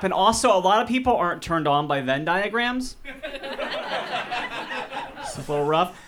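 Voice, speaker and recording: A woman's voice: medium pitch, fairly bright tone. A woman doing a stand-up comedy set on a club stage, wry and conversational, into a handheld mic.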